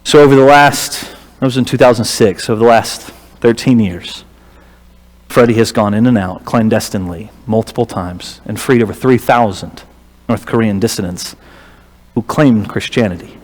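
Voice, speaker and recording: A man telling a story as a church lecturer, with a humorous, lively manner. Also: lowish voice, normal speed. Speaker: guest lecturer. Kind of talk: storytelling sermon. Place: church auditorium. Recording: reverberant hall.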